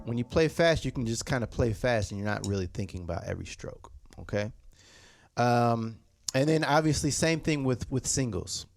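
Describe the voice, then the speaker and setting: A man's voice: mid-range voice, lively intonation, normal speed, gravelly, soft background music. A man teaching drum technique, patiently repeating points and singing rhythms as "da, da". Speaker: drum instructor. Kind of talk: instructional demonstration. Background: snare drum playing.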